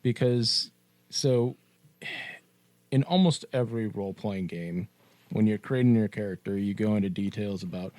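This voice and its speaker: A man's voice: lowish voice, normal speed, a little mellow, dry recording. A man co-hosting a casual podcast chat, laid-back and blunt, with casual swearing. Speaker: podcast co-host.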